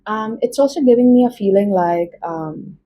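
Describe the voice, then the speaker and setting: A woman's voice: medium pitch, moderate pace, lo-fi sound. A woman with an Indian accent doing a casual tarot reading, chatty and rambling with many fillers. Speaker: tarot reader.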